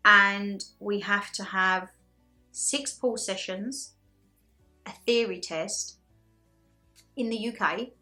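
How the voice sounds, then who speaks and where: A woman of thirty vlogging in a casual, excitable way, telling her story with lots of "like" and quoted back-and-forth. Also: mid-range voice, takes it slowly, pauses often, faint music behind. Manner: excitable, chatty storytelling with many "like"s. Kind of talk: casual chat to camera.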